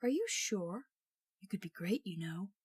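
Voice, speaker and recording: A woman voicing a small, hushed magical hat that murmurs slowly and thoughtfully. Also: mid-range voice, big pitch swings, breathy edge, no echo, studio quality. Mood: coaxing.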